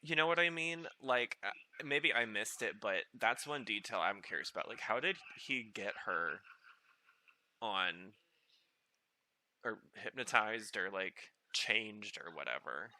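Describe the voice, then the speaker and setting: Bright-voiced man rambling through commentary. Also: lowish voice, slow. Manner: rambling, filler-heavy, excitable reactions. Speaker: podcast host. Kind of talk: casual watch-along commentary.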